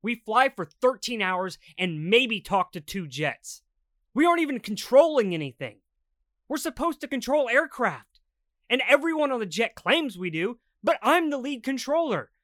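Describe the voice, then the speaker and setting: A man's voice: extremely high pitch, bright, forceful tone, no room sound, studio quality, pitched above the performer's own voice, full character voice. A man voicing a furious, miserable young airman who rants bitterly in an audiobook. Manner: angry ranting, swearing. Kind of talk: audiobook dialogue.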